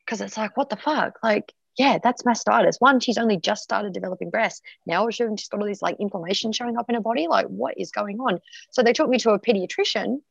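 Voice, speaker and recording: A woman speaks frankly about her own life in a slightly low, gravelly voice. The sound is dry and a little dull, as if lo-fi. She swears easily and circles back with fillers and restarts. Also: a little fast, no echo. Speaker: podcast guest. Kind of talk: candid personal storytelling.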